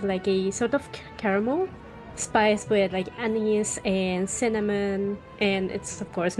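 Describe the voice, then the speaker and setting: A woman player lays out her character's actions unhurriedly, describing each detail with care. She speaks very slowly over faint background music. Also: medium pitch, a little mellow. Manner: slow, thoughtful, descriptive.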